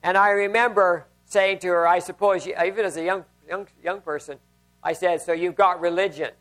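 Male pastor with a high-pitched voice, conversational sermon with anecdotes and frequent restarts. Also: fairly even intonation, normal speed, a bit bright, soft background music.

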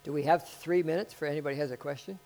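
A man preaching a sermon in an excitable way that swells into loud bursts, then leading a spoken prayer. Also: on the high side, rapid-fire, low-quality recording. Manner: prays aloud.

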